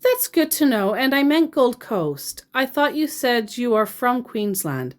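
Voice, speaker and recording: A woman's voice: fairly high pitch, very animated, a little slow, pitched above the performer's own voice. Woman reading as a stilted female scammer-soldier. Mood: terse. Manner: stilted, clipped phrasing. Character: female scammer posing as a soldier, broken English.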